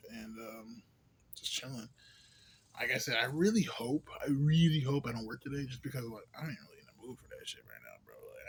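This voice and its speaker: With a medium-pitched, fairly bright voice and a bit of hiss or hum on the recording, a slightly beer-buzzed young vlogger rambles loosely. He swears, uses slang and drops fillers constantly.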